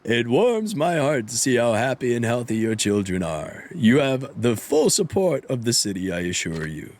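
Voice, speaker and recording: A man voicing a pompous older male official in a game, slow and formal. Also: medium pitch, sing-song, a little mellow, lightly acted. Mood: stately.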